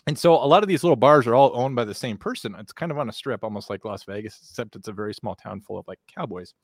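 A man guesting on a podcast, casually telling a rambling, animated anecdote with plenty of swearing. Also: medium pitch, fast talker, no echo, studio quality.

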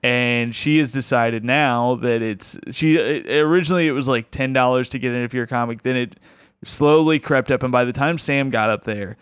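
A young male comedian tells a story in a casual, animated way, laughing through it. His voice is smooth and clear, recorded dry and close. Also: medium pitch, moderate pace, no echo. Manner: animated, laughs often while telling the story.

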